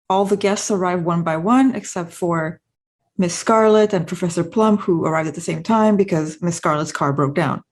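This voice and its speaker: A woman's voice: mid-range voice, a little mellow. Casual woman narrating a video essay. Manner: casual, analytical, explanatory.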